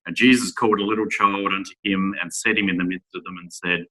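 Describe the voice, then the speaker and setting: A man giving a Bible talk to young men, reading scripture aloud and asking rhetorical tag questions in a measured way. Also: low voice, steady tone, pushed and bright, low-quality recording. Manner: measured, with small restarts. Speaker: speaker at a Bible school.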